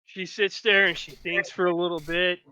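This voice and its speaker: A man narrating a tabletop role-play game as game master, describing scenes in lively detail. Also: high voice, normal speed, clean tone, no echo.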